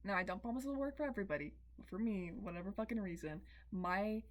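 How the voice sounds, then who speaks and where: A young woman telling a personal story to her viewers, candid and emphatic, swearing freely and swinging between excitement and tears. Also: mid-range voice, fast talker. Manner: emphatic, repeats words. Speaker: vlogger. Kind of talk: confessional storytime.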